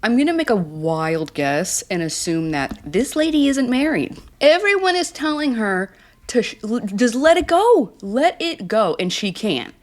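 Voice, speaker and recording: A woman's voice: on the high side, very animated, measured pace, soft background music. A woman casually recapping a reality show, blunt, snarky and exasperated.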